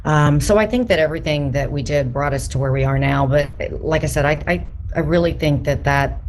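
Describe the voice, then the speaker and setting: A woman with a notably low voice speaks candidly, poking fun at herself. She answers as a real estate agent on a panel, faint noise humming behind her. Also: fairly quick, a little mellow. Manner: candid, self-deprecating, many restarts.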